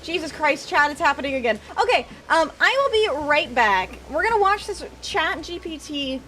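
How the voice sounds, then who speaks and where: A woman's voice: high-pitched, sing-song, moderate pace, sharp tone, slight background noise. A woman streaming from home, chatting casually and teasing her viewers in chat.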